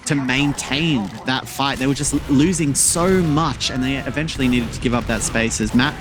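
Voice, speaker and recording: A man doing rapid play-by-play commentary on a team shooter match, repeating words as he goes. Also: mid-range voice, over music. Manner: fast play-by-play, trailing off into filler and repeats. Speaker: esports caster. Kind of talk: live game commentary.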